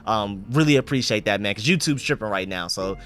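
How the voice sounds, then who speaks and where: Fast-talking man with sore throat. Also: on the low side, a bit bright. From Atlanta, USA. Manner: emphatic, opinionated, repeats catchphrases. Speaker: sports channel host. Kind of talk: fan game review commentary.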